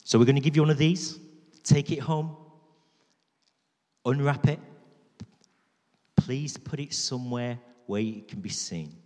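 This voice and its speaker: A man's voice: mid-range voice, a little slow, long pauses, a little mellow. A man preaching a sermon in a church, emphatic and repeating key phrases for weight. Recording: reverberant church hall.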